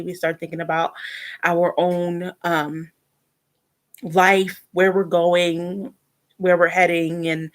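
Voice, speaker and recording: A young adult woman talking in a casual personal vlog, reflective and earnest, often pausing and restarting. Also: on the low side. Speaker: vlogger.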